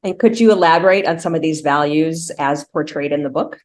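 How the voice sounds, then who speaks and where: A woman's voice: low voice, a little fast, darkish tone. A woman interviewing an author, asking questions and praising his book in a conversational way.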